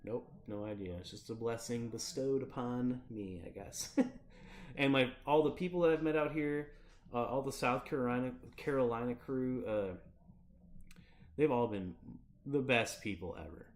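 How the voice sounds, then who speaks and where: A man's voice: mid-range voice, normal speed. Rambling, laughing livestream guy. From Michigan. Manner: rambling, laughs often, swears casually. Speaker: streamer. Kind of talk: casual livestream chat.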